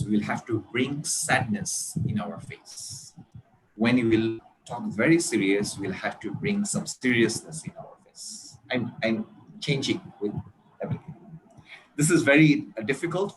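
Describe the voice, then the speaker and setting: A man from Bangladesh with a Bangladeshi English accent, lecturing on public speaking in a deliberate way, with frequent pauses and stressed key words. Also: medium pitch, a bit bright, a little hiss or hum, rough recording. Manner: deliberate, with many pauses and hesitations.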